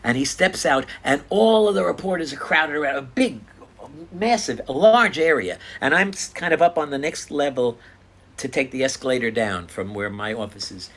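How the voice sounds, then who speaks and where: An older man earnestly retelling his own encounters in a casual, animated storytelling style. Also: medium pitch, moderate pace. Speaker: speaker sharing personal stories.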